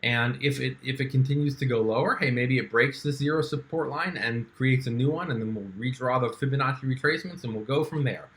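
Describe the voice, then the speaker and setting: Young man, casual trading vlog, chatty, relaxed, medium pitch, fillers and restarts. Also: brisk, hardly any pauses. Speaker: stock trading YouTuber. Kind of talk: casual screen-share walkthrough.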